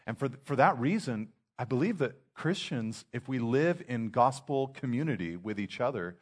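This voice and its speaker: A man preaching a sermon in a casual, conversational way, often restarting his sentences. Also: medium pitch. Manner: conversational preaching with frequent restarts and acted asides. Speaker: pastor.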